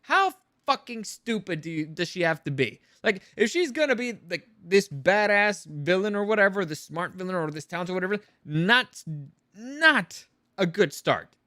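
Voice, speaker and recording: A man delivering a ranting review, sarcastic and fed up, with frequent swearing. His voice sits fairly high and sounds bright and forceful. The recording is close and dry. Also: expressive, normal speed, no echo. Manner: exasperated, sarcastic, swears freely.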